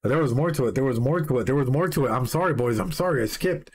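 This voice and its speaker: A man streaming a live reaction, reading song lyrics aloud and excitedly greeting his chat. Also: medium pitch, quick pace, slight background noise. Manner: excitable, swears, greets chat members mid-sentence.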